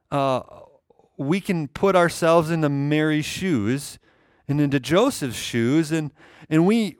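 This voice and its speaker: A man's voice: fairly high pitch, dry recording, studio quality. A man preaching a sermon, emphatic and repeating key phrases for weight. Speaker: pastor.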